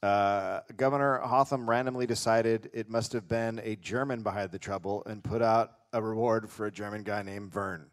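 A man hosting a live comedy podcast, telling a history story in a deadpan way and reading out quotes. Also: fairly low pitch, normal speed, hardly any pauses.

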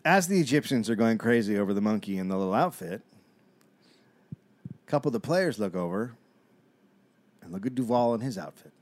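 A man telling a historical story on a comedy podcast in a deadpan, matter-of-fact way. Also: fairly low pitch, brisk, pauses often, dry recording.

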